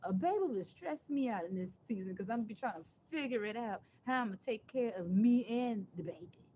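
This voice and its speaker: A woman talking on a casual live stream, emphatic and sarcastic, rambling and restarting her phrases, with loud outbursts and quiet asides. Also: fairly high pitch, animated, a little fast, slight background noise, poor audio. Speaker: livestreamer.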